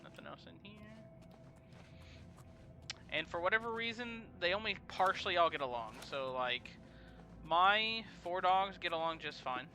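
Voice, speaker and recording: A man's voice: high voice, expressive, normal speed, pauses often. A young man casually commenting on a game during a live stream, laid-back and slangy, rambling between actions. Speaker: let's play streamer. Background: game music.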